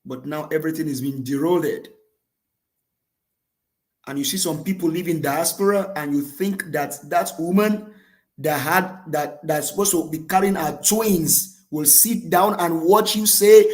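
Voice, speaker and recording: Impassioned Nigerian man, high voice. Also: unhurried. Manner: fervent, repetitive, rising to shouts. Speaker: caller. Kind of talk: impassioned political commentary.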